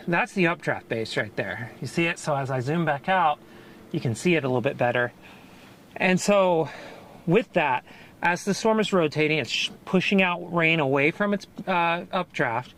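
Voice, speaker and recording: A breathless storm chaser with a slightly high male voice streams live from in and around his car outdoors during a storm, with slight background noise. He eagerly explains the weather in excited, rambling bursts punctuated by laughs.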